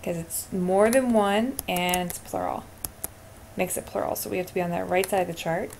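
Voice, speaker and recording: A woman's voice: fairly low pitch, normal speed, vocal fry, darkish tone, a little hiss or hum. A woman teaching Spanish verb endings in a screencast lesson, encouraging and talking her students through each answer as she types. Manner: encouraging, talks through typing.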